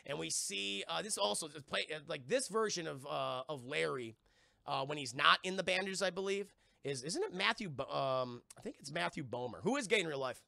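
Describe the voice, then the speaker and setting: A man casually recapping a TV episode for a live-stream chat, rambling and profane, slipping into quick character impressions. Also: fairly high pitch, animated, vocal fry, sharp tone, dry recording. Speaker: TV review streamer.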